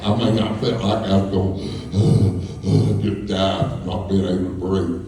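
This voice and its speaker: A man's voice: low voice, flat delivery, measured pace, gravelly, warm tone. Folksy guy telling stories live, chuckling, super echoey school hall, far from the mic. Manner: folksy, rambling, chuckling through the tale. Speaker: storyteller. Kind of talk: live storytelling to an audience.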